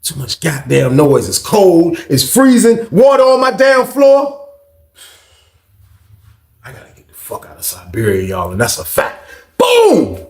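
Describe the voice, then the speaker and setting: Animated swearing male storyteller. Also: medium pitch, roomy sound. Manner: animated, profane, repeats phrases for emphasis. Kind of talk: casual storytelling to viewers.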